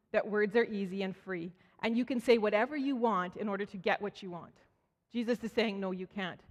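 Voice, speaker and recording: A woman giving a conversational sermon at a church, telling stories and acting out quoted voices. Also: a little high. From Canada. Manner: storytelling, acts out quoted voices, frequent restarts. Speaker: speaker at church. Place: church sanctuary. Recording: church hall with long reverb.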